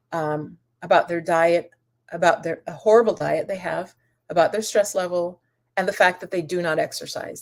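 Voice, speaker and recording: A woman hosting a holistic wellness channel, chatting casually on a live stream, answering comments and calling viewers goddess and my love. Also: lowish voice. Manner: rambling, with many restarts and asides.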